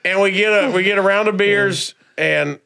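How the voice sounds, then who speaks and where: A man telling a funny story on a podcast, acting out the people in it with lowered voices and laughing often. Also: moderate pace, over a noisy crowd.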